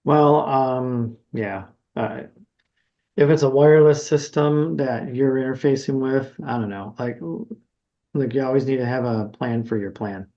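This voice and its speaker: A man's voice: medium pitch, measured pace, mellow, highs cut off. A middle-aged man, a guitarist and music teacher, talking casually in an interview, rambling with many fillers and restarts. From Buffalo, New York area. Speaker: guest guitarist and music educator.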